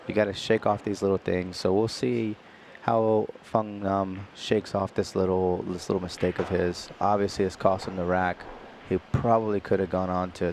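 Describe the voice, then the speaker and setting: A man from Singapore giving live pool commentary in a relaxed, chatty way, explaining each shot in detail. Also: low voice, slight background noise.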